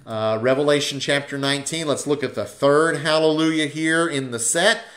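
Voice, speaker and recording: A man's voice: on the high side, steady tone, normal speed, fairly bright tone. A man teaching a church Bible class, explaining scripture patiently and reading verses aloud, stopping now and then to correct himself.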